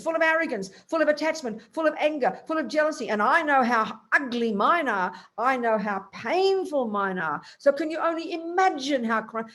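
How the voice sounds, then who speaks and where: An older woman, a Buddhist teacher, giving a blunt, emphatic dharma talk to a group and acting out inner voices. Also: fairly high pitch.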